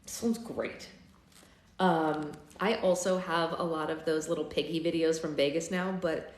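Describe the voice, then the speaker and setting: A woman's voice: sits low, steady tone, moderate pace. A woman hosting a live book club, chatting casually and reading a novel aloud with offhand asides. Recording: echoey room.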